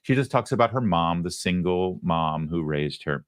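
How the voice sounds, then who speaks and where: Male political talk host, deep voice, dry close sound, sarcastic and emphatic. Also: lively intonation, normal speed, dry recording. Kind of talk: opinionated commentary.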